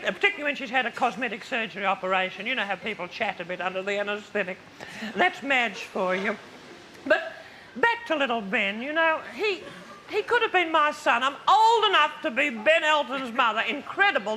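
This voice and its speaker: A man performing a vain, gushing female megastar with an Australian accent, live on stage in a TV studio, condescending and full of sly innuendo. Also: very high-pitched. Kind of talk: live stand-up character act. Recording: loud live studio with roaring crowd and noise.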